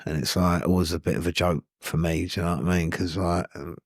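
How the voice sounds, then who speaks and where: A man's voice: low-pitched, steady tone, fast, no echo, clean studio sound. A man, a podcast guest telling his story in a candid, rambling way with many "you know what I mean"s.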